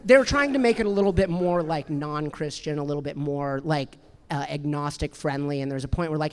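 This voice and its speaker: On a club stage, a man in his thirties works through a stand-up set, rambling and poking fun at himself with plenty of restarts and fillers. His voice is a little high and clear with a resonant tone, and he talks slightly fast.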